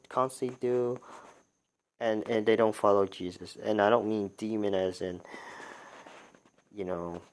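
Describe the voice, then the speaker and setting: A man talking off the cuff on a livestream, starting sentences over and repeating words as he goes. His voice sits at an ordinary middle pitch for a man. He sounds exasperated and keeps firing rhetorical questions. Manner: halting, many restarts and repeated words. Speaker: livestream commentator. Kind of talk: unscripted livestream commentary.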